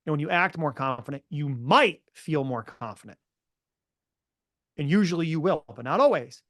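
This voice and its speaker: A man who works as a mental performance coach, telling stories in a podcast interview in an energetic, emphatic, motivational way. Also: a little high, moderate pace, no room sound, clean studio sound.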